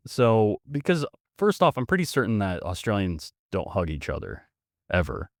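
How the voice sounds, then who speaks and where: Sardonic low-voiced male podcast host. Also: wildly swooping pitch, no room sound, clean studio sound. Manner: sardonic, mocking, quick asides. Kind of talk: casual podcast commentary, reading a story aloud.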